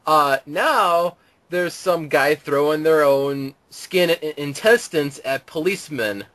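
A man's voice: fairly high pitch, slow pace, fairly bright tone. A man hosting a casual podcast, reading out weird news in a mock newscaster delivery.

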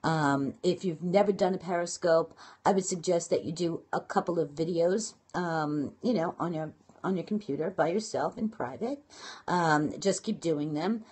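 A woman with a Brooklyn accent talking casually to viewers on a live stream, quick and chatty with lots of fillers and restarts. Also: on the low side, darkish tone, breathy edge. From Brooklyn, New York. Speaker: blogging and marketing coach. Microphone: phone or webcam live stream.

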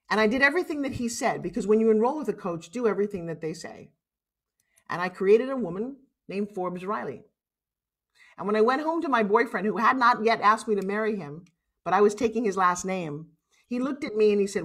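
A woman's voice: medium pitch, a little fast. Blunt New York woman in her sixties. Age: 60s. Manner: lively, blunt, salty storyteller. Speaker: guest speaker. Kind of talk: personal storytelling.

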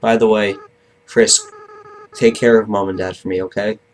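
A man reading aloud the lines of a remorseful young boy monster from a game, softly and gently. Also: lowish voice, steady tone, normal speed, slight background noise, lightly acted, poor audio. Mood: tender farewell.

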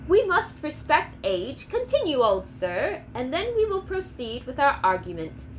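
A woman reading a story, voicing an elegant, refined gentleman who speaks calmly and with disdain. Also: high-pitched, measured pace, a little hiss or hum, exaggerated voice, rough recording. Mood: courteous. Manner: calm, courteous.

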